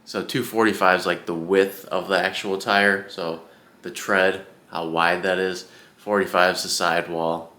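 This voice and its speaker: A man's voice: deep voice, flat delivery, normal speed, pushed and bright. A young man vlogging about his Ironman training, chatting casually at home in front of his camera, rambling and swearing freely as he rants.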